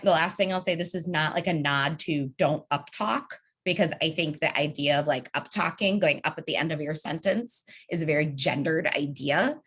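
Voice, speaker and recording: A woman's voice: lowish voice, a bit bright, husky. A young adult woman leading an online training session, upbeat and conversational, speaking over a video call. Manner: upbeat, conversational, addresses group as y'all.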